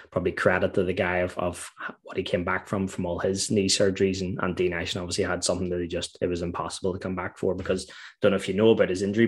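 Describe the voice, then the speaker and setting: Middle-aged ex-footballer from Northern Ireland, low husky voice, animated anecdotes. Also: male voice. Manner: animated storytelling, laughs while recalling. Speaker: former footballer guest. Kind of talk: casual interview chat.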